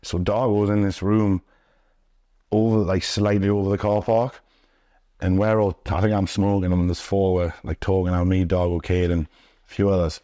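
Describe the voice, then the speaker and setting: A man's voice: sits low, little pitch movement, moderate pace, mellow, dry recording, studio quality. A young man from the UK, a pro wrestler telling stories in a rambling, sweary, filler-heavy way in a sit-down interview. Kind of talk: casual storytelling.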